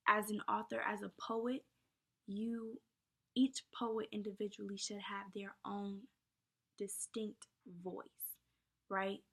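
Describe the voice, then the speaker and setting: A woman's voice: medium pitch, level tone, slow pace, gravelly, sharp tone. A young woman explaining poetry terms in an informal lesson, casual and chatty with many fillers. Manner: casual, many ums and likes, addresses viewers as y'all. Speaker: teacher.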